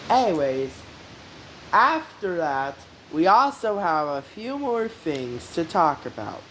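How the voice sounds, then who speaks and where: Casual female vlog host, rambling delivery, lower voice, very slow. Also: very animated, a bit bright, slight background noise, low-quality recording. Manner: rambling, meandering. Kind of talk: casual explainer.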